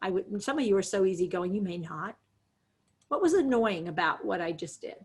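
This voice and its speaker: A woman teaching a webinar on dementia care, talking over a video call with a lively, demonstrative manner. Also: mid-range voice, brisk. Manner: lively, demonstrative, acts out examples. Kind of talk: webinar presentation.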